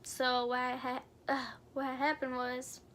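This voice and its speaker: Young adult woman, storytime vlogger; high, level delivery, earnest and somber. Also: monotone, a little slow, fairly bright tone, a little hiss or hum. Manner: earnest, somber retelling with many fillers. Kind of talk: storytime narration.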